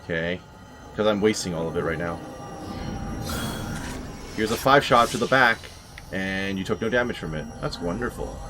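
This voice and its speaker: Lively low-voiced man narrating a game. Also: moderate pace, pauses often. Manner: wry, talks back to the enemies. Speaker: gameplay commentator. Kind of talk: let's play commentary. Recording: game music playing behind. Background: game music.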